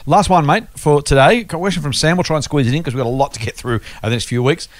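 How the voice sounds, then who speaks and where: Male podcast co-host, quick delivery, dry close mic, patient explainer. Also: a little high, no room sound. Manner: explains patiently with worked examples. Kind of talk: casual investing podcast chat.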